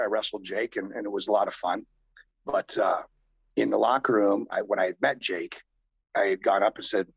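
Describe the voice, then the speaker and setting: A man's voice: lowish voice, vocal fry, breathy edge, dry recording, poor audio. A middle-aged man, a former pro wrestler, rambling through profane stories in a casual interview and acting out the voices of people he quotes.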